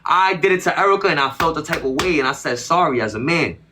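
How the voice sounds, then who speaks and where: A man talks through a casual interview with a bright, forceful edge to his voice. He is emphatic and slangy, and he circles back to repeat his points defensively. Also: fairly high pitch, expressive, quick pace, slight background noise. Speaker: interview guest.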